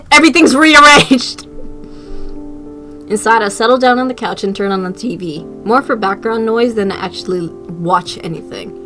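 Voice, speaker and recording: A young woman reading a visual novel aloud as a video creator, with loud, playful outbursts. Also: mid-range voice, fairly quick, soft background music.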